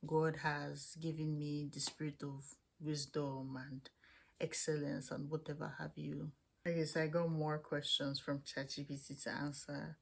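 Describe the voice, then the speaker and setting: A woman's voice: low voice, little pitch movement, unhurried, creaky. A young woman vlogging casually, answering questions and hesitantly searching for her words. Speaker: student vlogger.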